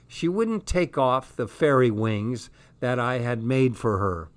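A man's voice: medium pitch, expressive, takes it slowly. A man reading a comic first-person diary aloud with dry, sardonic delivery. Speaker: audiobook reader.

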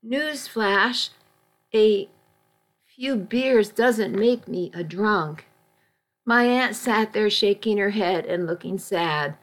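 A woman narrating a first-person story as an audiobook, in a measured, steady storytelling manner. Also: mid-range voice.

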